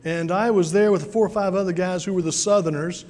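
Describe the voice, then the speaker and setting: A man's voice: high-pitched, steady tone, fairly quick, a little mellow, long reverb tail. A man from South Carolina, preaching a sermon in a folksy storytelling way with many fillers. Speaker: pastor.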